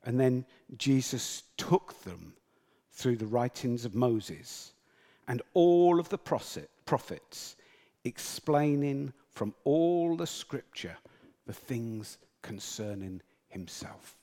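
Animated British man preaching. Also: medium pitch, slow, long reverb tail. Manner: storytelling, animated, acts out quotes. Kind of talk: sermon.

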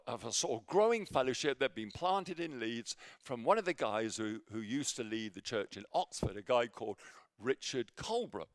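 A man preaching a sermon with a personal story, halting with many fillers and restarts, sometimes dropping to near a whisper. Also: mid-range voice, smooth, no room sound, clean studio sound. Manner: drops to near whisper in quiet moments.

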